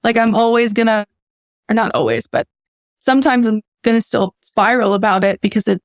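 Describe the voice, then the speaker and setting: A woman's voice: on the high side, lively intonation, a little fast, no room sound. A woman voice teacher as a podcast guest, speaking in a reflective, self-deprecating way. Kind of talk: candid podcast conversation.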